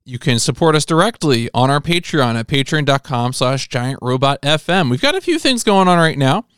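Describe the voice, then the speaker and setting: A man runs through the show's announcements in a smooth, crisp voice. He reads briskly from his notes into a dry podcast mic. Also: fairly high pitch, big pitch swings, fairly bright tone, dry recording. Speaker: podcast host. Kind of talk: reading show announcements.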